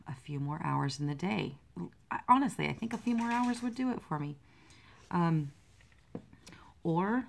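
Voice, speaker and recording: A woman with a low, gravelly voice talks in a loose, rambling way about her cross-stitch work. She is self-deprecating and easily distracted by her pets, and her tone stays casual throughout. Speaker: cross-stitch designer and vlogger. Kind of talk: casual chat while stitching.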